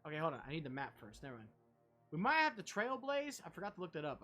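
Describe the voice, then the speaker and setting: A man's voice: a little high, big pitch swings, quick pace, pushed and bright, faint music behind. A young man streaming a video game, rambling casually, swearing and chatting to his viewers. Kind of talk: casual gameplay commentary.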